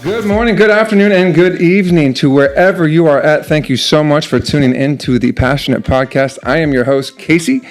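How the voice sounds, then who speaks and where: A man hosting a podcast in casual chat, upbeat and excitable, often repeating his words. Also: a little high, brisk, few pauses, faint music behind. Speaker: podcast host.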